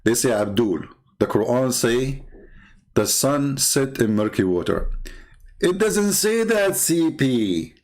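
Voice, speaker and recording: A man's voice: medium pitch, expressive, slow pace, a little mellow. A man hosting a commentary video, talking in a mocking monologue, laughing often and repeating phrases. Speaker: commentary host.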